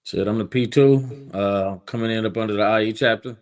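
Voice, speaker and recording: A man speaking as a podcast guest, low-key and mumbling, joking about himself. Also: fairly quick. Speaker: podcast guest, motorcycle club member. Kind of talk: casual interview chat.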